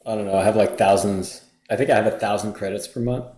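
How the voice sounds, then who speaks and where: A man's voice: lowish voice, steady tone, fast talker, mellow. A man on a casual tech podcast making wry, self-mocking jokes. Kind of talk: casual tech-security chat. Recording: roomy echo.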